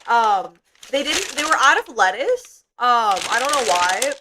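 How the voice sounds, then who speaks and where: A woman's voice: a little high, lively intonation, a little fast, few pauses, sharp tone, poor audio. A young woman streaming, chatting casually while eating, rambling and swearing freely with lots of fillers. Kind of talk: casual livestream chat. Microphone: desk mic while eating.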